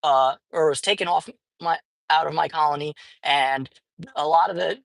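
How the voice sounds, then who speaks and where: A woman's voice: low voice, steady tone, moderate pace, creaky, no echo, low-quality recording. Lady vlogger chatting while she drives, rambly and sweary, dry close sound. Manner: rambling, profane, many fillers. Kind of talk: casual chat while driving. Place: inside a car.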